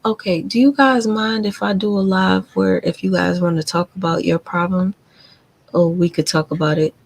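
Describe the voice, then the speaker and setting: A woman's voice: medium pitch, steady tone, normal speed, vocal fry, low-quality recording. A woman hosting a live stream, telling a painful family story in a candid, confiding and profane way. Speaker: livestream host.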